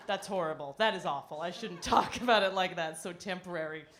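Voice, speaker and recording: A woman performing a stand-up comedy set on a club stage, wry and self-deprecating, breaking into animated impressions. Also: lowish voice, moderate pace.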